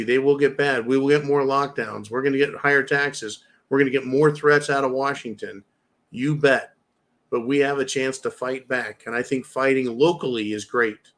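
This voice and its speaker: A man in his fifties, host of a prepper channel, delivers an outspoken monologue to his audience in a medium-pitched, fairly bright voice. He's blunt and energized, and he swears liberally.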